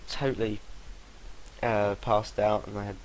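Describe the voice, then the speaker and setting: A man's voice: lowish voice, flat delivery, a little slow, slight background noise, low-quality recording. A young man telling a rambling story to camera, swearing freely and laughing between sentences. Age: young adult. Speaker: vlogger.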